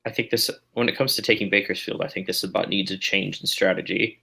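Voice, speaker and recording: A man playing his character in a tabletop game, calm, measured and terse. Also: deep voice, vocal fry, breathy edge. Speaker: player. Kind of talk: in-character role-play.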